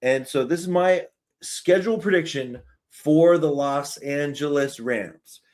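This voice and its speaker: A man's voice: on the high side, a little slow, darkish tone. A Canadian man hosting a sports show, chatting casually and upbeat through his football season predictions. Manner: chatty, upbeat, self-deprecating. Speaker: sports podcast host.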